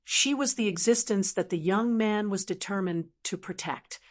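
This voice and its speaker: A woman narrating a fantasy novel audiobook in a steady, even storytelling manner. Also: medium pitch, moderate pace. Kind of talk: scripted narration.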